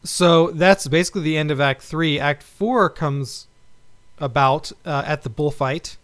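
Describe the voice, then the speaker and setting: A man co-hosting a podcast in casual chat, talking in a halting way with many pauses. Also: fairly high pitch, a bit bright, smooth, no room sound. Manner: halting, many fillers and restarts. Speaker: podcast co-host.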